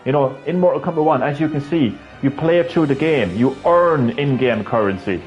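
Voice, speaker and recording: A man's voice: medium pitch, fairly quick, a little mellow, dull audio, soft background music. A man live-streaming a video game, with rambling, profane, ranting commentary.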